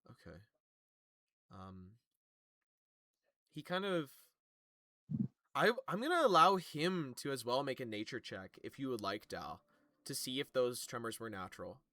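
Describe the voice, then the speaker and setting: A man runs a tabletop game at a middle pitch, thinking aloud and padding his narration with fillers. His voice is close and dry, with no room around it. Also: big pitch swings, a little slow, long pauses, bright, forceful tone, no echo. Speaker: game master.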